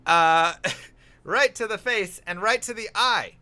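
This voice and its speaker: A man's voice: sits high, takes it slowly, pushed and bright. A man telling a rambling, self-mocking story in casual chat while streaming a game.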